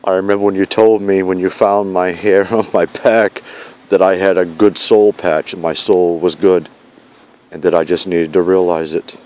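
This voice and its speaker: A vlogger's heartfelt message to his fiancée, recorded at night in a snowy park, comes in a low, darkish voice with flat delivery at normal speed. He pleads earnestly, repeating lines that sound like vows.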